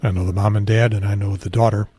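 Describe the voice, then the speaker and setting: Husky low-voiced man, quiet rambling talk. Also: flat delivery, fast, no room sound. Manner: rambling, self-correcting, quiet. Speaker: podcast host. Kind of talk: casual solo podcast talk. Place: outdoors on a beach trip.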